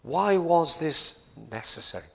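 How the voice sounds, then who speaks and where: A man preaching a sermon in a slow, deliberate way, repeating key phrases and building to emphatic passages. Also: a little high, animated, vocal fry.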